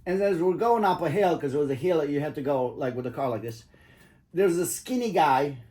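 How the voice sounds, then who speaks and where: This is casual storytelling from a middle-aged man whose voice is a little high, mellow, and animated, moving fairly quickly. He rambles through tales for his kids, swearing and chuckling at them himself.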